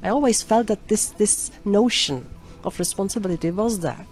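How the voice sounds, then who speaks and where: A woman speaking slowly and in a measured, slightly hesitant way in a played public speaking clip. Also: medium pitch, animated, a little mellow, faint music behind.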